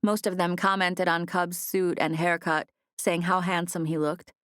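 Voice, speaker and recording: Woman with a low, even voice for a first-person audiobook; close, dry studio read. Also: unhurried, smooth, no echo. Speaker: audiobook narrator. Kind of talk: scripted first-person narration. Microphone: close studio mic.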